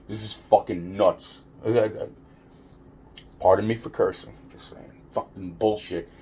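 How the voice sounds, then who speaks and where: A man's voice: fairly low pitch, fairly even intonation, measured pace, darkish tone, slightly rough. A man talking straight to camera in a rambling, profane vlog rant, repeating himself and stumbling over restarts. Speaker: vlogger. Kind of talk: ranting vlog monologue.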